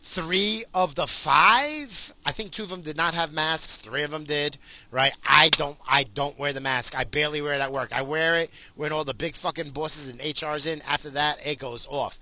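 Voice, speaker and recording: A man in a profane, angry vlog rant, swearing constantly and bursting into loud outbursts. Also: moderate pace. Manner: mocking, drifting into sudden high voices. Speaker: vlogger.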